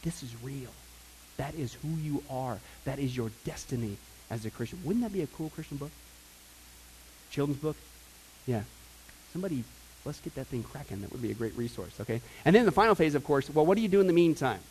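A middle-aged pastor preaching a casual, energetic sermon, moving from quiet asides to loud emphasis. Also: male voice, on the high side, quick pace, a little hiss or hum, rough recording. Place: church sanctuary.

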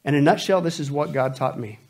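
A man preaching a sermon, animated and joking, dropping from loud bursts to hushed lines. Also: a little high, brisk. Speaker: pastor.

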